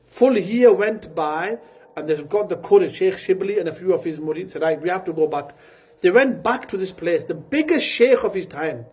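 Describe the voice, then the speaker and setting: A man preaching a sermon, telling a story earnestly and breaking into quick Arabic recitation. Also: sits high, darkish tone, slightly rough.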